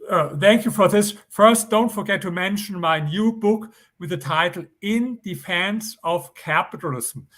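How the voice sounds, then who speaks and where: A man's voice: high voice, a little slow, few pauses, a bit bright. An older man with a German accent, a guest author giving earnest, insistent interview answers and repeating his points.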